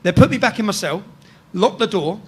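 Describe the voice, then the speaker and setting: English man, higher-pitched, casual animated storyteller, salty language, checks in with "yeah?". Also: fairly quick, heavy background noise. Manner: swears freely, keeps tagging sentences with "yeah?". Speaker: guest storyteller.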